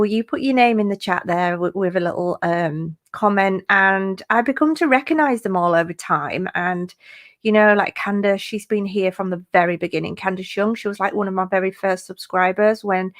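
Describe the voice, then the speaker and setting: A woman hosting a true crime live stream, chatting casually and rambling with many fillers. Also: medium pitch. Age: adult parent. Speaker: true crime YouTube host.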